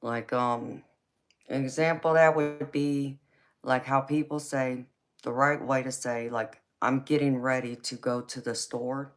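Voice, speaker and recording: Speaking a little slowly in a very deep voice, a woman reads viewer comments during a tarot livestream. She is from California yet has a Southern accent from Georgia, and she drawls in a relaxed way, calling people baby.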